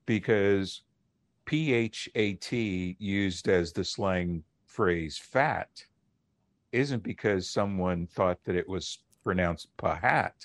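Deep-voiced man explaining on radio. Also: no room sound, clean studio sound. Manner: measured, lecturing with pauses. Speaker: linguist guest. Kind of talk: explaining on a call-in radio show.

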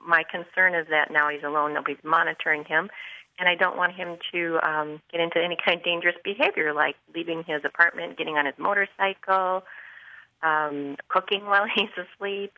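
Worried mom calling in over a muffled phone line, gravelly voice. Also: female voice, on the low side, fairly even intonation, fairly quick, dry recording. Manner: concerned, explains in detail with many ums. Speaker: caller.

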